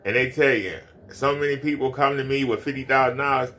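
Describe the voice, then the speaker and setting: Guy ranting on his stream, mocking, keeps repeating himself, aave, mid-pitched voice. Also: fairly even intonation, brisk, bright, forceful tone, a little hiss or hum. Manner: repetitive, mocking. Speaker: commentary streamer. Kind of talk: ranting commentary.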